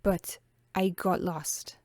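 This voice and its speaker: A sheepish young maid with a put-on French accent, as a woman reader voices her. She speaks softly and hesitantly, sometimes dropping to a near whisper. The sound is dry and close. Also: fairly low pitch, steady tone, very slow, no room sound.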